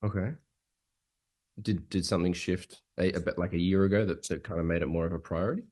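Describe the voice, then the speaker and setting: A man's voice: deep voice, fairly even intonation, a little fast, a little mellow. A man practising a sales call, hesitant and casual, often repeating words. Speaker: salesperson in training.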